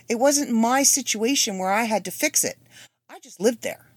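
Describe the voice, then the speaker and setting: A woman's voice: a little high, moderate pace, breathy edge, dry recording. A woman in her fifties hosting a solo podcast, chatty and rambling with wry asides. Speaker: podcast host. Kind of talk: casual solo podcast monologue.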